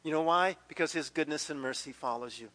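A man preaching a sermon, telling a personal story with lively acted-out quotes and dropping to hushed, intense passages. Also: a little high, a little fast. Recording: long hall reverb.

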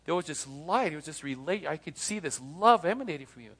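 A man's voice: on the high side, animated, fairly quick, hardly any pauses, a bit bright, slightly rough. Storytelling man in a reverberant hall. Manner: storytelling, acting out both sides of conversations, rhetorical questions. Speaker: speaker on leaving cults, former pastor. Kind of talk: live talk to an audience.

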